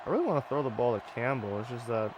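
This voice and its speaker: A man casually commentating his own football video game run, offhand and swearing, with sudden excited outbursts. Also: mid-range voice, very fast, muffled recording, heavy background noise. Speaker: gaming channel host. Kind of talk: casual let's-play commentary.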